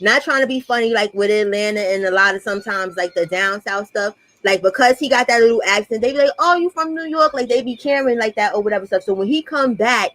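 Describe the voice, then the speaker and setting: A woman co-hosting a livestream in casual chat, mocking and exasperated, talking fast and swearing freely. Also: mid-range voice, fairly bright tone, rough recording. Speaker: co-host.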